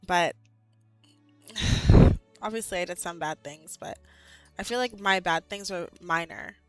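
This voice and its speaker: A young woman in her twenties chatting casually with her live chat as a streamer, animated and full of "like"s and laughs, a bit out of breath. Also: lowish voice, unhurried, soft background music.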